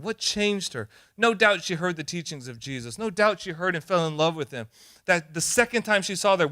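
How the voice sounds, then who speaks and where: Bright, animated man preaching a sermon. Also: high voice. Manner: animated, acts out quoted voices, rising to emphatic peaks. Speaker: pastor.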